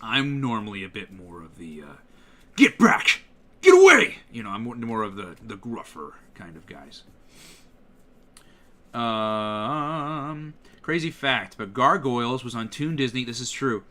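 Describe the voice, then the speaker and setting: A man's voice: mid-range voice, measured pace. A man, a voice actor, chatting casually while streaming a game and demonstrating voices. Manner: animated, slips into voices to demonstrate.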